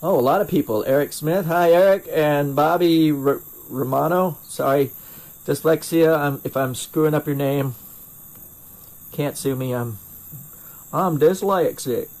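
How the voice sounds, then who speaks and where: A man's voice: a little high, moderate pace, darkish tone. A middle-aged man with a North Carolina accent, a glassblower chatting casually and a bit self-deprecatingly while he answers viewer questions during a live torch demo, recorded through a first-person camera mic in his home studio. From North Carolina, USA. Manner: rambling and self-deprecating, with frequent restarts. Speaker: glassblower streaming torch demos.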